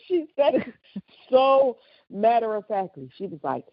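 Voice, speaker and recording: A woman's voice: on the high side, unhurried, no room sound. Woman podcast host, laughs through her story, dry slightly muffled audio. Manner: animated storytelling, laughs a lot. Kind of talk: casual chat.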